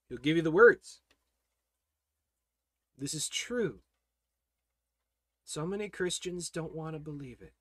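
A man teaching a Bible study as a sermon, preaching with passion and swinging between loud declarations and hushed, prayerful passages. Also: very high-pitched, animated, unhurried, long pauses, dry recording, studio quality.

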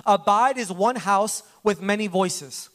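A man's voice: sits high, unhurried, a bit bright. A man pastor giving an earnest introduction to a guest preacher in church. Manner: earnest, exhorting the congregation. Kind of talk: sermon introduction.

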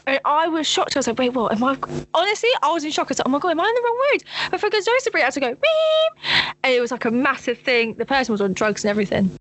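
A young woman, co-hosting a podcast, telling animated stories in casual chat. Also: very fast, low-quality recording. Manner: animated storytelling, swings to high excited pitch. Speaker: podcast co-host.

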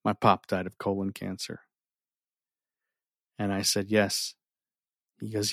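A man's voice: lowish voice, flat delivery, slow pace, vocal fry, long pauses, no room sound. Earnest man near tears, dry sound. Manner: earnest, emotional, often drops to near a whisper. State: holding back tears. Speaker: storyteller. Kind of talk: personal story told to an audience.

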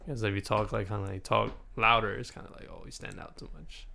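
A man's voice: lowish voice, little pitch movement, fast, creaky, bright, forceful tone. A young man, chatting in a laid-back, joking, rambling way. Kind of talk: casual chat.

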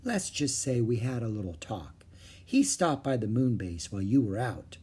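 A man voicing a wise, gentle female enchantress in a storybook, speaking softly and calmly. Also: medium pitch, normal speed, slightly rough. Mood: serene. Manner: soft and calm.

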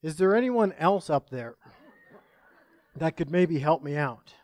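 A man's voice: a little high, animated, a little slow, darkish tone, no echo. A man voicing a desperate male climber who hangs from a cliff and pleads upward for help. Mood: pleading.

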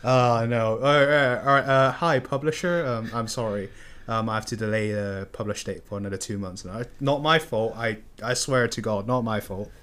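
A man's voice: medium pitch, moderate pace, fairly bright tone, close to an everyday voice. A man voicing a flustered male writer who panics and apologizes. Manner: frantic, apologetic.

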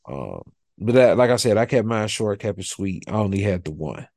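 Male podcast co-host, lowish voice, easygoing rambler, dry close mic. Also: very animated, normal speed, creaky, a little mellow, no room sound. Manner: laid-back, rambling, filler-heavy talk. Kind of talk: casual chat.

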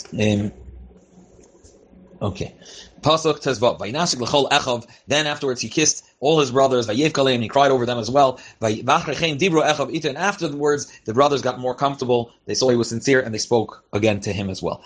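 A man teaching a Torah class, reading Hebrew verses and translating them phrase by phrase in loose spoken style. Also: medium pitch. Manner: reads Hebrew phrases then translates, Yiddish-inflected yeshivish terms; loose spoken delivery with fillers and restarts. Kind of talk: verse-by-verse Chumash and Rashi class.

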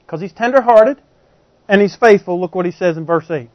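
Speaking fairly quickly in a voice that sits high, this preacher keeps the sermon conversational and asks the congregation one rhetorical question after another. The audio is dry, dull and lo-fi.

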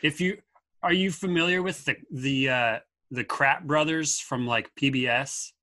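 A man's voice: medium pitch, a little slow, bright, forceful tone, no echo. A man co-hosting a podcast, chatting casually and rambling through asides. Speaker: podcast co-host. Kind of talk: casual chat.

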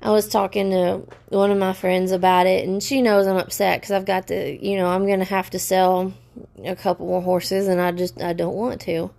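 A woman venting in a personal vlog rant, upset and stressed, talking haltingly with many restarts. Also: lowish voice, level tone, creaky, a little mellow. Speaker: vlogger.

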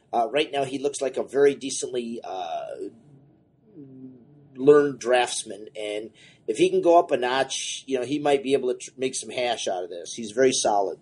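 A man co-hosting a casual comics podcast, rambling and excitable, running a comic shop and apologizing for talking too much. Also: mid-range voice, breathy edge. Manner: rambling, excitable, self-deprecating.

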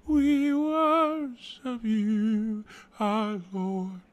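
A man putting on the voice of a swooning male worship leader, drawing out each word in a breathy croon. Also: very high-pitched, little pitch movement, extremely slow, voice pushed up, heavily acted. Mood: reverent.

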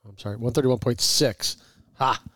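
A man co-hosting a casual podcast chat, playful and teasing, quick to laugh. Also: medium pitch, fairly bright tone, no room sound, clean studio sound. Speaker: podcast co-host.

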